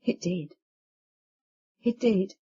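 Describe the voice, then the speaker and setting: A woman's voice: mid-range voice, drawn-out words, warm tone, husky, heavily acted. A woman voicing a distressed, tearful young woman who speaks in a shaken, pleading way, in a dull lo-fi recording.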